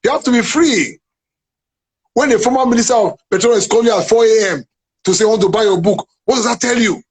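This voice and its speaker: A Nigerian man, a playwright and businessman appearing as a guest, speaks emphatically in a husky, high voice at a quick pace, captured on a low-quality recording. In this animated interview chat he sounds preachy and keeps repeating "are you getting me now."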